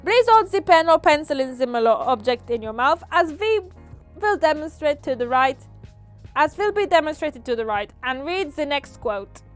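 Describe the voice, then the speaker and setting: A hammy speech coach delivers a mock lesson loudly and emphatically, as a woman puts on an accent. Her voice sits high and swoops widely, with faint music behind. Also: big pitch swings, normal speed. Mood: mock-earnest. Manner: loud, emphatic mock-instructional reading.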